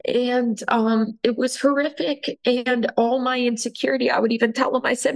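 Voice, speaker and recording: A woman telling her own story of a painful relationship, halting and emotional, with frequent restarts. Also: high-pitched, steady tone, gravelly, low-quality recording. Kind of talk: personal testimony.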